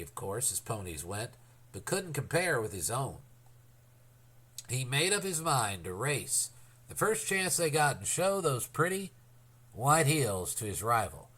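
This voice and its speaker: Sex: man. Role: audiobook narrator. Style: scripted narration. Pitch: middle, lively intonation.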